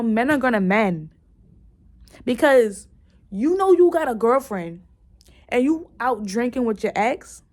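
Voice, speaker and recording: A woman chatting casually in a book review, retelling scenes excitedly with lots of "like"s and restarts, and cursing bluntly. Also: on the high side. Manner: blunt, curses freely.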